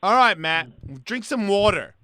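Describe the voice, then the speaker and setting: High, brassy radio host, loud and profane. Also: male voice, sing-song, a little slow. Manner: loud, profane, blunt, needling. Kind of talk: brash call-in radio banter. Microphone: studio microphone.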